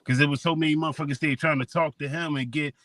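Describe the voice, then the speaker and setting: A slangy man tells a story during a casual radio show chat. His voice sits a bit high, and it sounds dry and close. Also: steady tone, fast talker, fairly bright tone, no room sound.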